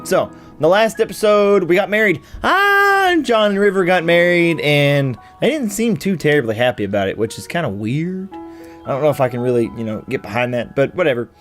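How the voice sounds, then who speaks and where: A man's voice: on the high side, sing-song, brisk, a bit bright, soft background music. A man hosting a let's play, casually recapping the story and joking wryly as he plays. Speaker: gaming channel host.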